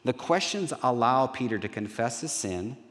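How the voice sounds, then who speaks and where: A middle-aged man, a pastor, preaching a sermon in an earnest way that turns lively when he acts out dialogue. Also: medium pitch, moderate pace. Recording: reverberant hall.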